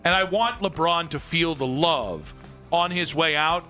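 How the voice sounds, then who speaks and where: A man hosting sports radio, ranting loudly and joking with his co-host. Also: on the high side, a little slow, soft background music. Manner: loud, animated ranting with comic bits.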